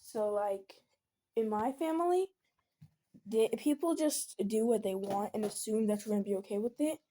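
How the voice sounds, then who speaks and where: A teenage girl talks through a casual venting video in an earnest, rambling way. Her voice is mellow and warm, never bright. She often slips into soft pleading. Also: fairly high pitch, moderate pace. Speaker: vlogger.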